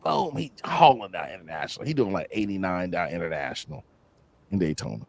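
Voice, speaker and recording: A man with a fairly low voice tells casual stories as an interview guest. His pitch swings widely, and he acts out the people in his stories with slangy flair. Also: fairly quick. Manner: animated, slangy, acts out other people's lines. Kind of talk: casual storytelling.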